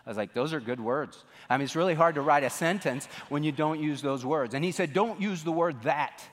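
A man's voice: on the high side, fairly quick. A middle-aged man preaching a sermon as pastor, telling stories in a folksy way and acting out what people said. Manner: folksy storytelling, animated quoting. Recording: long reverb of a large hall.

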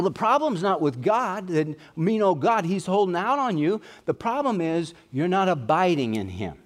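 A man's voice: a little high, a little mellow. A male pastor with an East Texas accent preaching a sermon, earnest and pleading, with rising and falling emphasis.

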